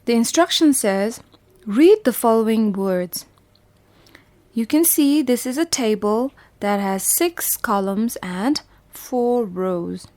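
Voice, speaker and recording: A woman's voice: a little high, lively intonation, slow, dark tone, no room sound. A woman from Bhutan teaching a phonics lesson to young children, patiently sounding out letters and repeating words. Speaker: primary school English teacher.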